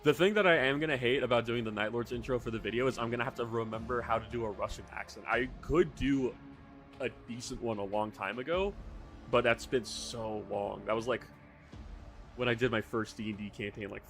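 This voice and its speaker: A man's voice: mid-range voice, a little fast, a bit bright, soft background music. A man streaming casually from his hobby room, rambling, swearing now and then and reading out chat messages.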